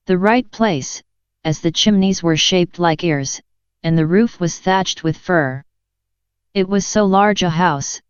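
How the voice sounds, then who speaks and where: Slow, clear woman narrating a storybook. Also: fairly low pitch, no echo. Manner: even, measured reading. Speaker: audiobook narrator. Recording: dry, dull lo-fi sound.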